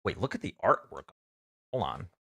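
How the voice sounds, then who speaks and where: A man's voice: sits low, big pitch swings, normal speed, gravelly, fairly bright tone, slightly rough, no echo, studio quality. A man streaming live, opening trading card packs, counting cards aloud and joking about himself with his chat. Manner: jokey, counts cards aloud, self-deprecating.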